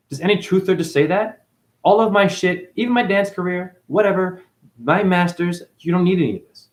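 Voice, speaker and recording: A man delivers a spiritual monologue in a fairly high voice. He preaches bluntly and swears freely. He keeps throwing rhetorical questions at the listener. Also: brisk. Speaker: spiritual teacher.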